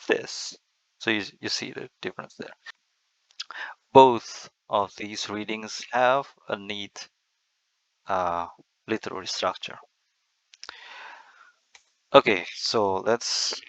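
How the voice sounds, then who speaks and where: A man's voice: on the low side, creaky, fairly bright tone, no room sound, muffled recording. A man giving a methodical screen-recorded lecture, walking through slides step by step. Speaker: lecturer on Bible accents.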